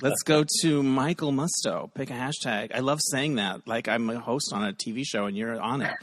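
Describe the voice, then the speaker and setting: A man hosting a podcast game over a video call, upbeat and quick with puns, laughing often. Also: medium pitch. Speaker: podcast host.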